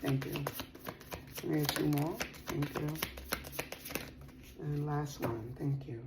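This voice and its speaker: A woman's voice: sits low, unhurried, very noisy. A woman giving a casual tarot reading to her viewers. She talks in a chatty, slangy, playful way and laughs often. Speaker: tarot reader.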